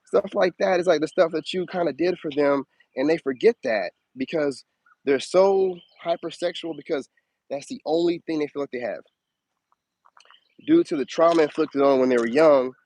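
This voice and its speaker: Animated preachy man, higher voice. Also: moderate pace, no echo, low-quality recording. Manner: animated, preachy, swoops up high for emphasis. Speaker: spiritual advice streamer. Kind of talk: casual live-stream monologue.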